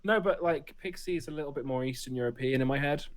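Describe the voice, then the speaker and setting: A woman chatting casually with friends over a video call, swearing and telling stories. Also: fast. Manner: swears, jumps into squeaky pet voices. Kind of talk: casual chat on a live stream.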